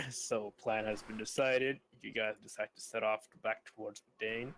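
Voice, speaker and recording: Man, game master, lowish voice, halting narration, clears his throat. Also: level tone, fairly bright tone, slight background noise.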